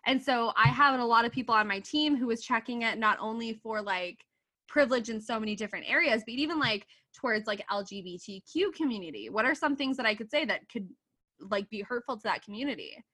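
A woman in her twenties from Canada, a coach and author talking as a podcast guest, animated, laughing often and swearing freely as she acts out her own quotes. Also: a little high, fairly quick. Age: 20s. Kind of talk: casual podcast interview.

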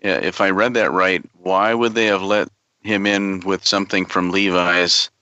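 A man with a low voice and a bright, forceful edge, working through his trivia answers step by step. He is recorded close and dry. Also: flat delivery, no echo, dull audio. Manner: deliberate, reasons things out aloud. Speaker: trivia contestant. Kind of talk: casual game chat.

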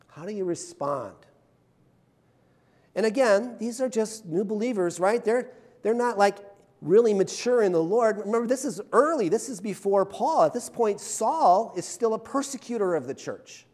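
A man delivers a conversational sermon as a pastor. His voice sits a little high and moves with lively, animated swings in pitch. He keeps it informal with self-deprecating humor and keeps checking in with his listeners. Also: normal speed. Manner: chatty, self-deprecating humor, frequent "right?" tags.

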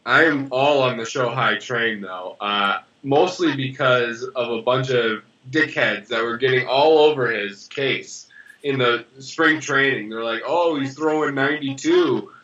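Male podcast co-host, blunt and sarcastic, sharp bright tone, recorded with muffled lo-fi sound. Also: medium pitch, measured pace, slight background noise. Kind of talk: casual chat. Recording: dull lo-fi sound.

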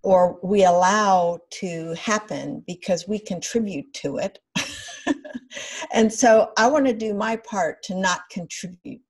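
A woman speaking as a podcast guest, with a slightly husky, breathy tone. She talks in a measured, earnest way, at an ordinary middle pitch. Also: a little mellow. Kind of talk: conversational podcast interview.

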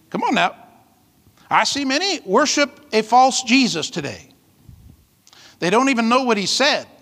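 A man preaching a fiery sermon in a church hall, with a very high, lively voice. He speaks slowly and punches his points with call-outs to the crowd. His tone is bright and sharp, and a long reverb hangs in the big room. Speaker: pastor.

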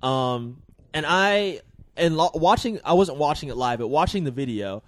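A man's voice: on the high side, animated, moderate pace, no echo. A man co-hosting a podcast, chatting casually about sports news in a loose, rambling way with slang and lots of fillers. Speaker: podcast co-host.

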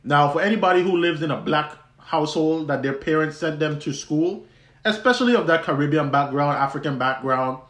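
A man's voice: on the high side, a little fast, fairly bright tone. A young man hosting a podcast, telling a personal story in a conversational way with many restarts and easy laughs. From U.S. Virgin Islands. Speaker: podcast host. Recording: roomy echo.

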